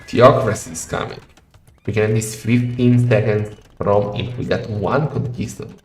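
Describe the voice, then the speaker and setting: A man casting a live strategy game match in a chatty style that rises to excited shouting in fights. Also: lowish voice, moderate pace, noisy background. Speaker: game caster. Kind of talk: live esports commentary. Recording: roomy echo with faint music.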